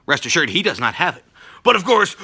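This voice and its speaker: A man hosting a wrestling reaction show, ranting loudly and sarcastically and swearing constantly. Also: on the high side, sing-song, brisk, breathy edge. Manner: loud, sarcastic, swears constantly, shouts often. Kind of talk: profane ranting review.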